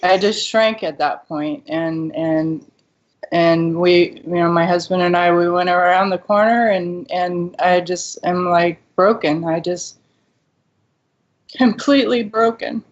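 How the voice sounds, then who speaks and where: A woman's voice: on the low side, takes it slowly. A woman guest in an interview recounting a painful past event, voicing the words of others as she goes. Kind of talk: personal account. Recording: dull lo-fi recording.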